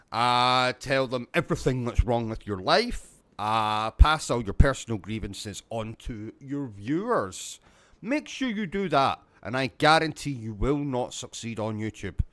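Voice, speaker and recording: A man's voice: mid-range voice, a bit bright. Sarcastic rambling British man. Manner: sarcastic, rambling, mock-serious. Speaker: gaming YouTuber host. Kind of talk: comedic livestream monologue.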